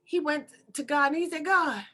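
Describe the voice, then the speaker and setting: A woman, a spiritual teacher, telling a story in an animated, repetitive, conversational way. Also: a little high, moderate pace. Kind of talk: storytelling talk.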